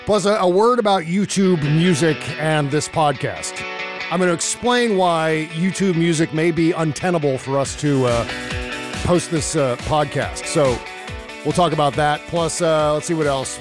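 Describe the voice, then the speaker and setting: A man's voice: a little high, unhurried, over music. A man hosting a podcast, reading out news stories in a casual conversational way. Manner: conversational, reads out news items with filler "uh"s. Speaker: podcast host.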